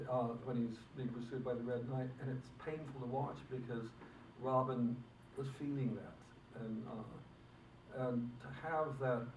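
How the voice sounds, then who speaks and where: An older film director in a press interview, talking haltingly and restarting often as he searches for words. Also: mid-range voice, a little mellow. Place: convention room. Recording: echoey room, mic far off, faint noise.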